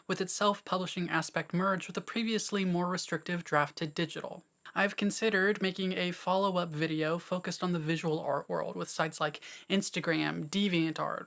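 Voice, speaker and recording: A man's voice: high-pitched, creaky, sharp tone. A man presenting a scripted commentary video essay, making wry, sarcastic asides between points.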